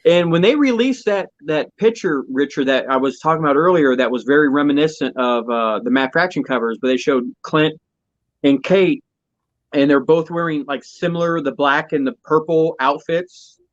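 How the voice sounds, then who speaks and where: A man co-hosting a podcast in casual chat, excitable and gushing, swearing now and then. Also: a little high, moderate pace. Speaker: podcast co-host. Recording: dull lo-fi audio.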